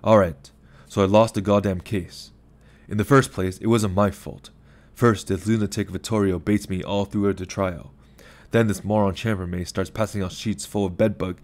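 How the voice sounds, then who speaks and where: A man's voice: on the low side, fairly even intonation, normal speed, darkish tone, close to an everyday voice. A man doing a ranting, bitter lawyer. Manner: agitated, swearing, self-pitying rants. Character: bitter drunk-sounding male lawyer, ranting.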